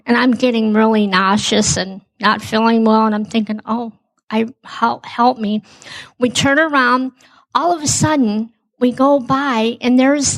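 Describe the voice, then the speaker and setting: A woman's voice: on the high side, low-quality recording. A woman telling a personal story as a guest, acting out both sides of the conversation. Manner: acts out dialogue, says "I go" often.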